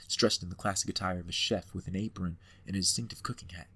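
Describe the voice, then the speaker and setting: A man hosts a let's-play, reading the adventure text and reacting to it playfully. His voice sits slightly low, and he hams up the dramatic moments. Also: fast, husky. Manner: playful and animated, hamming up the game text. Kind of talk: game commentary and reading game text aloud.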